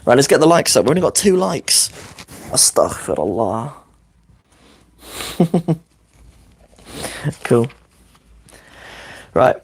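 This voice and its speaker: A man in his thirties with a croaky voice from a cold, giving a chatty, upbeat live-streamed Arabic lesson as the teacher. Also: mid-range voice, big pitch swings, a little hiss or hum. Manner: chatty, upbeat, quick asides. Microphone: desk microphone.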